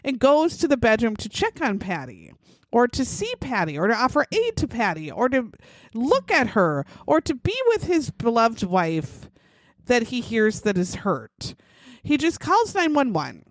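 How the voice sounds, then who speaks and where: Female podcast host, true crime storyteller, animated and profane, dry close-miked sound. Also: on the high side, measured pace, no echo. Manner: animated, acts out quotes, swears freely.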